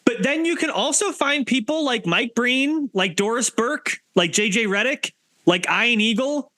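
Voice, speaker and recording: A man co-hosting a sports podcast in casual chat, lively and jokey as he rattles off scores. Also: very high-pitched, measured pace, dry recording. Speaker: podcast co-host.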